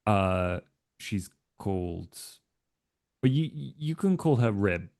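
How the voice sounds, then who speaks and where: A man playing his character in a live tabletop role-play, talking in an easygoing, halting way full of fillers. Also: fairly low pitch, animated, creaky, a little mellow.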